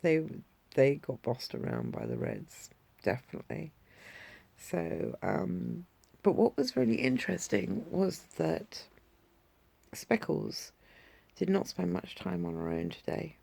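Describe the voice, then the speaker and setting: A woman's voice: sits low, huge pitch swings, slow, creaky, warm tone, slightly rough, no room sound. A woman vlogger telling a casual story, rambling with many fillers and self-corrections.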